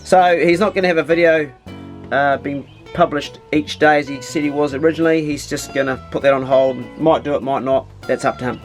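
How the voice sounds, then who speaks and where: A man with a New Zealand accent hosting a vlog, chatting casually to camera in a relaxed, easygoing way with plenty of slang. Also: on the high side, fairly quick, faint music behind. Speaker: vlogger host.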